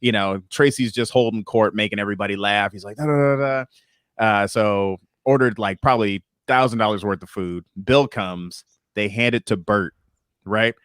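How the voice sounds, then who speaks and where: A male podcast co-host in casual chat, telling an animated story and acting out the voices of the people in it. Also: lowish voice, moderate pace, clean tone, no room sound, clean studio sound.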